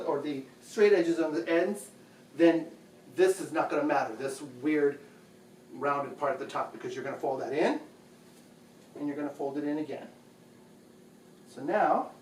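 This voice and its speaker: A man's voice: a little high, a little hiss or hum. Man explaining chores in an echoey room. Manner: chatty, patient, repeats phrases. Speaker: home video host. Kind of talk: casual how-to demonstration. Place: bedroom at home. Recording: echoey room, distant mic.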